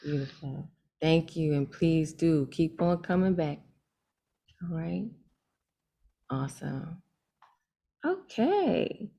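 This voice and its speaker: A woman's voice: low voice, fairly even intonation, slow pace, gravelly, long pauses, mellow. An American woman hosting an online open mic, upbeat and playful, with casual slang.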